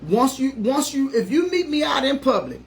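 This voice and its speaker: A woman's voice: high voice, big pitch swings, moderate pace, a little hiss or hum. Earnest middle-aged woman life coach. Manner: earnest, emphatic, conversational and folksy. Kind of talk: motivational live-stream talk.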